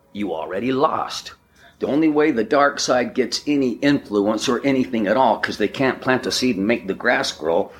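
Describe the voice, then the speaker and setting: A man giving a spiritual talk, speaking slowly and emphatically, with repeated affirmations. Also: mid-range voice. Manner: slow, emphatic, repetitive affirmations.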